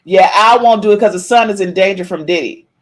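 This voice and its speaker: A woman's voice: medium pitch, a little fast. A woman hosting a casual live-stream gossip podcast, reading viewers' chat comments aloud and calling out meow to them. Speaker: podcast host.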